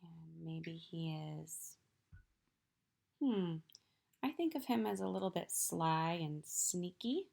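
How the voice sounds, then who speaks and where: A woman teacher reading poems aloud and gently encouraging children to write their own. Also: on the low side, expressive, slow pace, creaky, long pauses.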